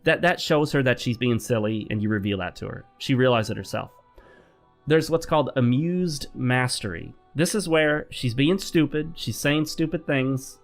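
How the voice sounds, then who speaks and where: Male gaming host, calm and lecturing, with faint music behind. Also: medium pitch. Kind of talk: advice talk over gameplay.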